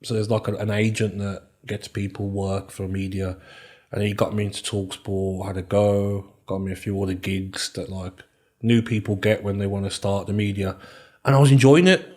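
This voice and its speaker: A man's voice: fairly low pitch, little pitch movement, normal speed, a little mellow. A man in his thirties with a Birmingham accent chats easily as a podcast guest. His talk is loose and rambling, full of ums and "you know what I mean". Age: 30s. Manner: chatty, many fillers and repeated "do you know what I mean". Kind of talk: casual interview chat.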